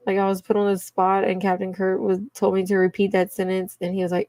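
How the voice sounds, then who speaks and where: A woman with a Cajun accent hosts a livestream and chats casually with viewers, laughing often and calling them y'all. She speaks at a normal speed in a monotone, medium-pitched, darkish voice, and the recording is dry.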